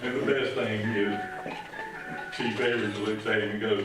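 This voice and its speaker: A man's voice: lowish voice, little pitch movement, normal speed, over loud music, a loud crowd. A middle-aged man, telling a rambling, folksy story as a speech at a retirement ceremony. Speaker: retired police officer giving a retirement tribute. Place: large room at a ceremony. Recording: echoey room, speaker far from mic.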